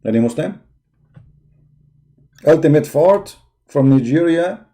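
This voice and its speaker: Running a combative call-in debate livestream, this man insults and ridicules his opponents, hammering points through repetition as he searches a website. His voice is a little high and dark in tone, slow yet lively in intonation, and audibly tired.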